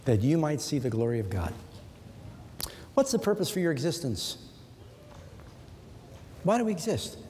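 A man's voice: a little high, very animated, normal speed, pauses often, a little mellow, in a large hall, a little hiss or hum. A man preaching a sermon in an earnest, conversational way, asking his listeners rhetorical questions. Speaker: pastor.

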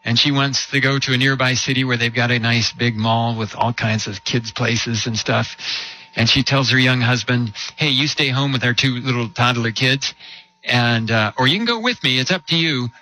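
A man delivers a sermon in a bright, forward voice at an ordinary pitch. He tells a story and keeps asking rhetorical questions, slowing and dropping low on the heavy points. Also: low-quality recording. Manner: storytelling with rhetorical questions and slow emphatic drops. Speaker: preacher.

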